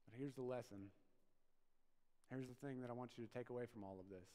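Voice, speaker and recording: A man preaches a lively, conversational sermon. His voice sits at an ordinary pitch, and he swings between sudden loud bursts and hushed asides. The sound carries a long reverb tail from a church sanctuary. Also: a little fast. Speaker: pastor.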